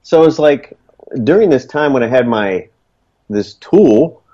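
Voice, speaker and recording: A man's voice: mid-range voice, animated, a little slow, mellow. A man telling his story in casual, earnest talk, rambling with lots of fillers. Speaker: guest, small business owner. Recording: dull lo-fi recording.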